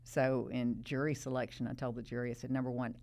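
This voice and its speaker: Low, gravelly woman host. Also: fast. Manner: lively storyteller, laughs often. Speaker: podcast host, trial lawyer. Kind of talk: casual interview chat.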